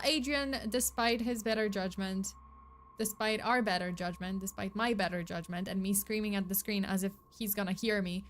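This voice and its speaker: A woman streamer casually commenting on videos, rambling with many fillers and self-corrections. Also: mid-range voice. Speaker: streamer host.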